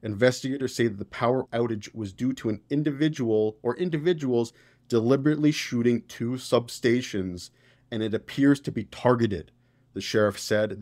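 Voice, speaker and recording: A man's voice: medium pitch, a little mellow. A man hosting a political podcast, reading news stories aloud and reacting with exasperated, profane commentary. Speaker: podcast host.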